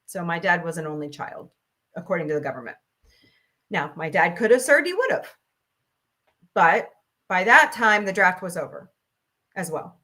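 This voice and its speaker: Bright-voiced blunt woman ranting. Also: lowish voice, animated, normal speed, long pauses. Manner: blunt, profane, laughs often. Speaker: host. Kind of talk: casual ranting chat.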